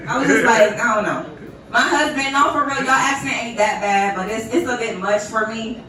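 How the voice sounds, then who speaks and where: A woman's voice: a little high, expressive, a little fast, pushed and bright. A woman from Ohio doing a profane stand-up set, brash and laughing at her own jokes. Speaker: stand-up comedian. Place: comedy club stage. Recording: echoey room miked from a distance. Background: laughing live crowd.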